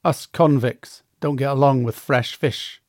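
A man's voice: medium pitch, steady tone, unhurried, no echo, close to an everyday voice. Man reading as a threatening tattooed convict, crude and coaxing, dry close sound. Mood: menacing. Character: menacing tattooed adult male convict.

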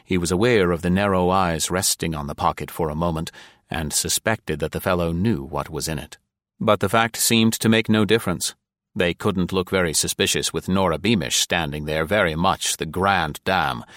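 A low-pitched male narrator tells an audiobook story in a calm, even, measured way. There's no room sound, just clean studio audio.

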